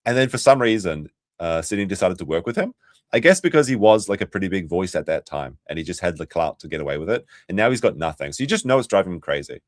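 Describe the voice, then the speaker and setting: Low-voiced guy ranting on his stream, swings up and down a lot, swears. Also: very animated, fast talker, dry recording, clean studio sound. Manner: profane, ranting. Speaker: stream host. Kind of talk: casual commentary stream.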